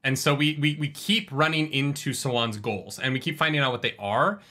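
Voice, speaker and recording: A man's voice: mid-range voice, moderate pace, pushed and bright. A young man hosting a podcast, talking animatedly about a book series and swearing casually. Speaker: podcast host. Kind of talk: casual book discussion chat.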